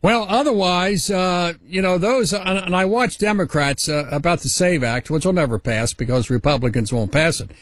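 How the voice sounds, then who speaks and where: A talk radio host with a fairly high voice rambles through halting questions. He sounds close and dry, in a dead studio. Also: a bit bright, no room sound.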